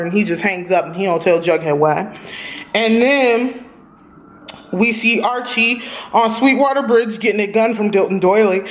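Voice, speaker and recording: A woman reviewing a TV episode in a casual vlog, animated and profane, talking straight to her viewers. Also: medium pitch.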